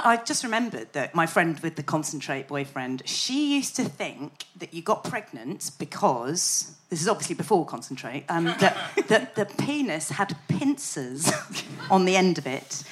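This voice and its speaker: A woman's voice: fairly low pitch, very animated, moderate pace, hardly any pauses, a bit bright. A woman co-hosting a podcast, telling stories in a dry, wry way and laughing often. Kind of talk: casual chat.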